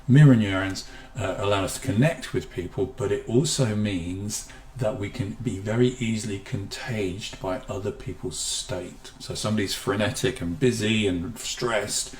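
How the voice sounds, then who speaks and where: Male seminar presenter, low voice, live stream from an echoey room at home, shifts into slow soothing delivery. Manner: deliberately slows and softens his voice to demonstrate calm. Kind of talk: live online seminar talk. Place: room at home with a guitar behind.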